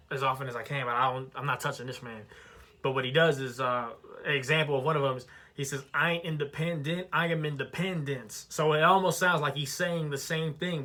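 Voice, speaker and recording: Bright-voiced man casually reviewing an album. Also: mid-range voice. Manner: conversational, loose, with many fillers and restarts.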